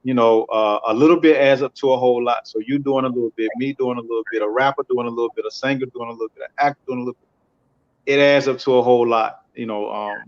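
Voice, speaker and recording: A barber talking in a casual interview, telling stories animatedly and building to emphatic pleas. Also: male voice, medium pitch, fairly even intonation, quick pace, lo-fi sound. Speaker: barber and barbershop owner, podcast guest.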